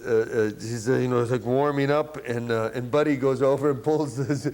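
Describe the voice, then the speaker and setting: A middle-aged man from Buffalo, New York, a jazz saxophonist telling lively anecdotes in a casual interview, laughing and acting out what others said. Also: mid-range voice, brisk. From Buffalo, New York, USA. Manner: animated, laughing storyteller who acts out quotes. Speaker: guest musician, jazz saxophonist.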